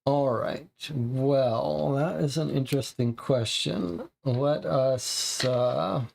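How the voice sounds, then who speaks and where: A man's voice: mid-range voice, slow, vocal fry, a little mellow. A man narrating a noir tabletop game for viewers, with chatty asides. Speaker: game host playing a solo noir case.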